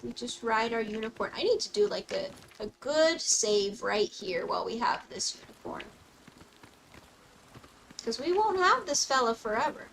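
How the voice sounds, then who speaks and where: A woman's voice: on the high side, big pitch swings, moderate pace, creaky, a bit bright, a little hiss or hum, low-quality recording. A young woman streaming a game, chatting casually and playfully, laughing often and dropping mock-old-fashioned asides. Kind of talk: casual gameplay commentary.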